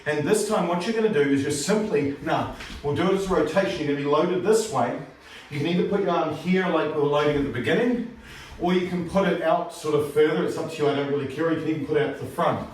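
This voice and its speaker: A karate instructor teaching an informal lesson at home, explaining technique and counting repetitions aloud in sharp calls. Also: male voice, fairly high pitch, fast talker. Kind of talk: informal martial arts lesson. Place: home training room. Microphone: phone camera across the room. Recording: distant phone mic in an echoey room.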